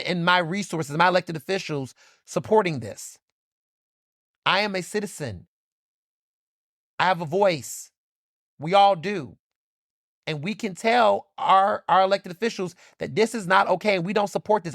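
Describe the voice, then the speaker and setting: High and creaky, with a slightly bright tone, the voice belongs to a Philadelphia podcaster speaking at a normal pace. He offers heated solo commentary, emphatically repeating himself, swearing and filling gaps with "like." The dry recording has clean studio sound.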